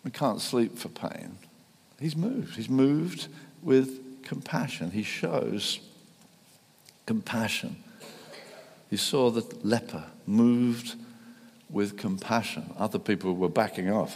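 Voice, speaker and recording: A man preaching a sermon, halting and restarting often, then building to fervent emphasis. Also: lowish voice, darkish tone, breathy edge. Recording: long reverb in a large hall.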